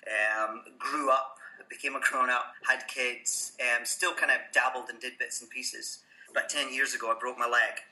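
Bright-voiced Scottish man telling stories. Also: mid-range voice, moderate pace, poor audio. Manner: relaxed storytelling, self-deprecating. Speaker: podcast guest. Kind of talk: casual interview chat.

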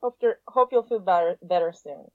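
A woman co-hosting a podcast, playful and quick to laugh, mostly giving short reactions. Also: on the low side, no echo, narrow, tinny audio. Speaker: podcast co-host. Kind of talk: casual podcast chat.

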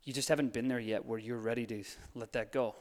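A man preaching a sermon, moving between quiet hushed lines and fired-up urging, with a playful streak. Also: medium pitch, steady tone, fast. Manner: playful, laughs at his own jokes. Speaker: pastor. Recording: long hall reverb.

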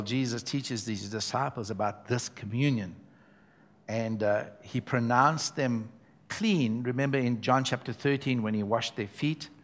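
A man's voice: mid-range voice, a bit bright. Man preaching an emphatic sermon. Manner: emphatic preaching with congregation call-outs. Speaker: pastor. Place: church.

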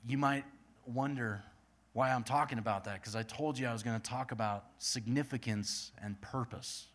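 A man's voice: mid-range voice, moderate pace. A male pastor preaching and praying in an earnest manner, building his points through repeated lists. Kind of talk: sermon.

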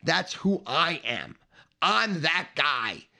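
A middle-aged man with a gravelly, fry-laden voice and a bright, forceful edge, telling a profane and boastful story. He swaggers, hammers his points and builds through repeated phrases. His voice sits a little higher than most men's. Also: very animated, drawn-out words.

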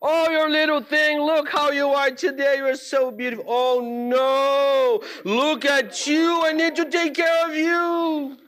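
A man's voice: very high-pitched, steady tone, unhurried, few pauses, fairly bright tone, pitched above the performer's own voice. A man voicing a doting older mother who coos to her houseplants in sing-song baby talk.

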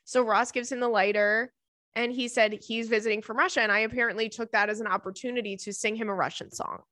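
A young adult woman hosting a podcast, telling stories in a casual, animated way, laughing often and acting out what her friends said. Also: a little high, quick pace, no echo, clean studio sound. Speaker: podcast host. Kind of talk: casual storytelling chat.

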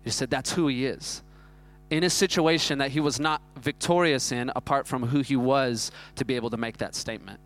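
A man, preaching a sermon that is built around a self-mocking personal story told in an animated way. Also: medium pitch, a little fast. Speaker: pastor.

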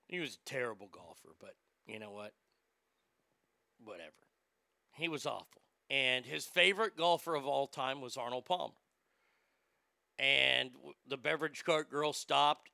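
A man's voice: medium pitch, vocal fry, bright, forceful tone, no echo. A middle-aged man hosting a casual talk show, telling stories in a wisecracking, profane way. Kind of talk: casual talk radio banter.

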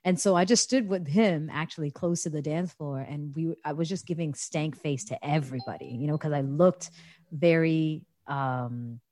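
Low-voiced woman telling a story. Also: normal speed, no echo. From United States. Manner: animated, laughing, acts out quoted voices. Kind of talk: casual storytelling chat.

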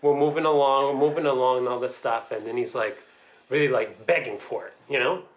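A young man telling a story in casual chat, animated, laughing and acting out quotes. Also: medium pitch, fairly quick, reverberant.

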